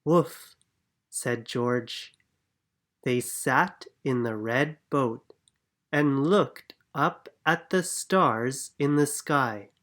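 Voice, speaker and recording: Very slow, calm storybook reader. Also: mid-range voice. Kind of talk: reading a children's picture book aloud.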